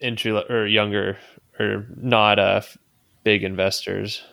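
A man with a low, gravelly voice chats on a podcast, laughing easily and explaining things in halting bursts. His voice sounds dry and close, with no room around it. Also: little pitch movement, a bit bright, dry recording. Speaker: podcast co-host. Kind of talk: casual chat.

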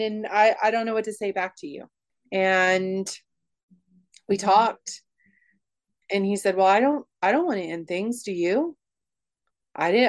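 A guest in an interview, a woman tells a raw personal story candidly and emotionally. Her medium-pitched voice comes in quick bursts with frequent restarts.

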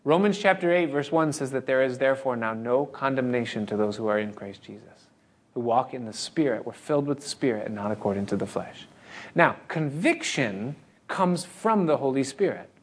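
This man's mid-range voice has lively intonation and a normal pace as he preaches. Earnest and expository, the pastor speaks straight to the congregation and dramatizes the thoughts running through their heads.

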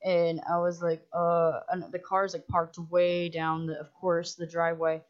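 A woman who directs films, telling a story as a podcast guest in an animated, profane way, full of "like" and acting out what others said. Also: fairly low pitch, measured pace. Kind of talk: casual storytelling in a podcast chat. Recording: muffled lo-fi audio.

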